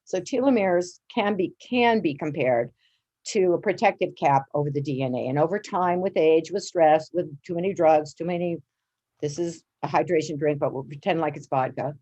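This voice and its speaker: A woman with a lowish voice tells her story with lots of energy. She acts out each quote, and her pitch leaps up as she does. It sounds like an interview guest on a roll. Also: moderate pace, highs cut off. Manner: lively, acts out quotes with big pitch jumps. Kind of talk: animated storytelling.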